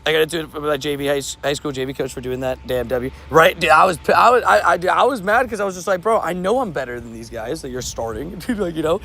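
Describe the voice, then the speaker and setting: Animated young man telling stories on stream. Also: fairly high pitch, quick pace, creaky, few pauses. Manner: animated, laughing, repeats words. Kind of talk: casual livestream storytelling.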